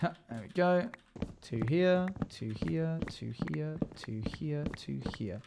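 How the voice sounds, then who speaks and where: Male streamer, casual and jokey, slightly high voice that swings up and down a lot in pitch. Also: lively intonation, slow pace, creaky, noisy background. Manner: playful, joking banter with chat, frequent laughter. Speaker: live streamer. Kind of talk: casual livestream chat.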